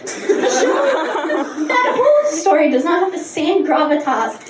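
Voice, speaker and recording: High-pitched, brash young woman comedian. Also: big pitch swings, takes it slowly, very noisy. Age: young adult, about 19. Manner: brash, profane, self-mocking storytelling. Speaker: stand-up comedian. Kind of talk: live stand-up set. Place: bar with a live audience. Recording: roomy, distant bar recording with loud ambience.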